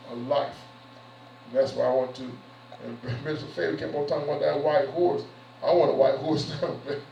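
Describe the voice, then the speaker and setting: A man's voice: mid-range voice, gravelly, a little mellow, slight background noise. A man, a bishop addressing his church service in a preachy, conversational, repetitive way. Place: church sanctuary. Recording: roomy, distant, dull church recording.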